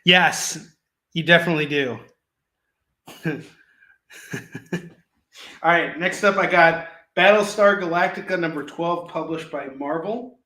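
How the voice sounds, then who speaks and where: A man in his forties hosts a live comic sales stream, full of jokes, goofy asides and bursts of laughter. His voice is bright and forceful, sitting a bit high for a man, and it rings in an echoey room. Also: slow pace, pauses often. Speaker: live shopping show host selling comics.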